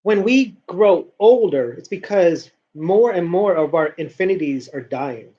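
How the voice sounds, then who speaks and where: A man's voice: sits high, expressive, measured pace, dull audio. A man talking casually to camera in a rambling vlog monologue, often restarting and repeating words. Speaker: vlogger.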